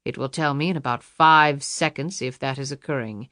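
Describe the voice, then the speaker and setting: A woman reading an audiobook, voicing a male kidnapper villain who talks slowly and pleasantly with mocking menace. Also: very deep voice, fairly bright tone, no echo, clean studio sound. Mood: menacing. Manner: pleasant, slow, taunting menace.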